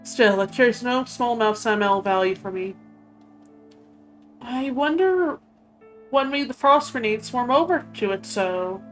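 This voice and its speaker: A woman's voice: fairly high pitch, lively intonation, moderate pace, pauses often, soft background music, pitched above the performer's own voice, natural voice. A woman reading a hot-tempered male knight's dialogue aloud, in a raised, emphatic voice. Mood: grateful. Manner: reads quest dialogue aloud with lifted emphatic delivery.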